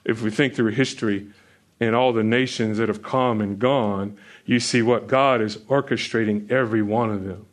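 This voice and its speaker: A man's voice: steady tone, moderate pace. A man preaching a sermon who keeps asking the listeners questions, with chuckles between points. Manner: asks the listeners questions, rises in pitch when stressing points. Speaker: pastor.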